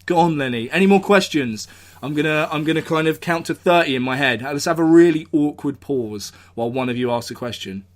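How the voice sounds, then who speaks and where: A man with an English accent hosting a casual live podcast, rambling through stories with lots of swearing and sudden shouted speeches. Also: fairly high pitch, fairly quick. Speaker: podcast host. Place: indoors, recording live.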